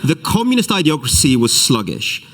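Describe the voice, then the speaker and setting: A man's voice: a little high, very animated, moderate pace, fairly bright tone. A man putting on a cartoonish voice for a spin doctor. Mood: reflective. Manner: quoted passage read aloud in a put-on cartoonish voice. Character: male post-Soviet spin doctor, calm and reflective.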